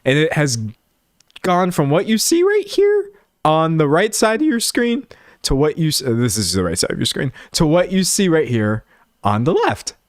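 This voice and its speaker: A man's voice: fairly high pitch, moderate pace, no echo, clean studio sound. A man from Texas hosting a casual stream, reading chat aloud and laughing often. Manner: animated, laughing, talks to chat. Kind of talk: casual chat reacting to videos.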